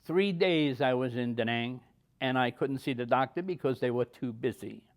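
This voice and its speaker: A man's voice: medium pitch, moderate pace. A man in his seventies, an army veteran, telling personal stories in a plain-spoken way. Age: 70s. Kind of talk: personal war storytelling.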